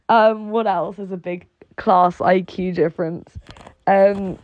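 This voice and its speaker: A woman's voice: mid-range voice, very slow, no echo. A young woman ranting in a casual monologue, rambling and sarcastic with lots of fillers and swearing. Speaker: online personality. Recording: dull lo-fi dry recording.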